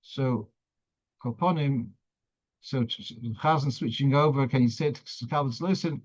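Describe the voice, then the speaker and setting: A man's voice: medium pitch, normal speed, highs cut off. A man teaching a weekly halachic class as a rabbi, explaining step by step and thinking aloud with frequent restarts. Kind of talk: halachic lecture.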